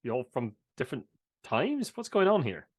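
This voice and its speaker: A man's voice: huge pitch swings, moderate pace, husky. A man playing a tabletop game in character, earnest and full of questions. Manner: earnest, questioning, rising pitch. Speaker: player. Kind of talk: tabletop role-play chat.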